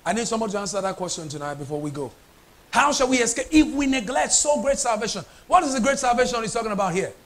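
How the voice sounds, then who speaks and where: A pastor delivers a sermon in a notably high voice. He presses his points hard, repeats phrases and keeps asking the congregation whether they are following. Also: animated, fast. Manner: emphatic preaching with repeated phrases and questions to the congregation.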